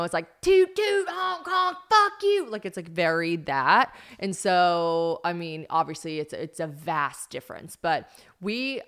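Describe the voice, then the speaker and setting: Chatty woman, slightly low voice. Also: smooth. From South Carolina, US. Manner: chatty, animated, swears casually, acts out voices in quotes. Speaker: podcast host. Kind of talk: casual solo podcast chat.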